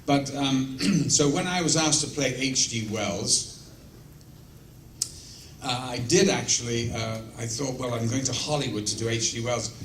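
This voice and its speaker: A man's voice: mid-range voice, measured pace. A man answering fan questions at a convention, telling blunt, profane, self-mocking anecdotes in a casual way. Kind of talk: casual storytelling Q&A. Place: large convention room with audience. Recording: roomy echo, mic at a distance, faint noise.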